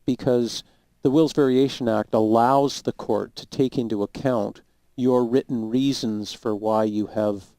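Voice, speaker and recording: A man, a lawyer guest, giving measured, emphatic legal advice on a talk show. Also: medium pitch, steady tone, warm tone, no echo. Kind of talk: explaining law on a talk show.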